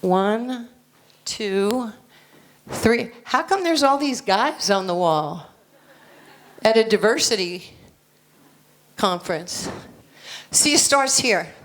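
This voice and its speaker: A woman's voice: medium pitch, expressive, slow pace, long pauses. An American woman in her sixties giving a motivational talk at a conference, blunt and confident with joking asides. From United States. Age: 60s. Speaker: keynote speaker. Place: conference stage, indoors.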